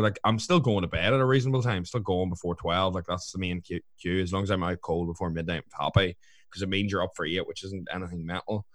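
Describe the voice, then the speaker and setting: A man's voice: sits low, fairly bright tone, no echo, clean studio sound. A young man co-hosting a podcast, chatting casually in a rambling way, swearing and saying "like" a lot. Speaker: podcast co-host. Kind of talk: casual chat.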